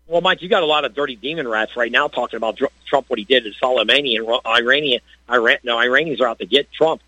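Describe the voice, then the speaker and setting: A man calling in to a radio talk show, rambling quickly and repeating the host's name. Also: mid-range voice, pushed and bright, no echo, poor audio. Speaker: phone-in caller.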